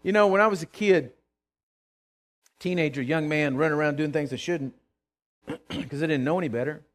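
A middle-aged pastor preaches a fervent sermon, calling on the congregation to answer him back. His voice is a little high and moves at a moderate pace.

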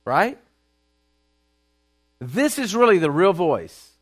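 A man's voice: sits high, sing-song, slow, breathy edge. A man preaching a sermon in an emphatic, folksy way, repeating his points and reading Bible verses aloud.

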